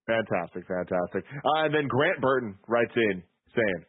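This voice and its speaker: A man hosting a podcast in casual chat, excitable, swearing loosely as he reads out listener reviews. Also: on the low side, measured pace, husky, no echo. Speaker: podcast host. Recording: tinny phone-like audio.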